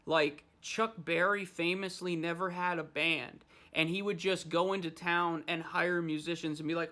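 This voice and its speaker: A man's voice: on the high side, fairly even intonation, normal speed, few pauses, pushed and bright. A man hosting a podcast, ranting in loose, profane casual chat. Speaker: podcast host.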